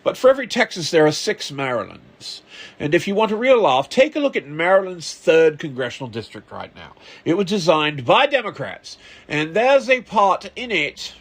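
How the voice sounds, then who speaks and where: A man putting on a mock English accent, ranting with heavy sarcasm and exasperation. The voice sits fairly high and climbs higher still as the indignation builds. It is comic commentary delivered in a put-on voice. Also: fairly bright tone, exaggerated voice. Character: man faking a posh English accent, grumbling. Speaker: podcast host.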